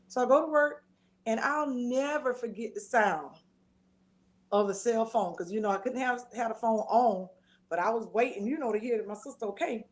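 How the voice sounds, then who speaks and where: A middle-aged woman, telling a personal testimony as an interview guest, expressive and acting out the voices she quotes. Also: a little high, moderate pace. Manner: expressive storytelling, acts out quoted voices, churchy endearments.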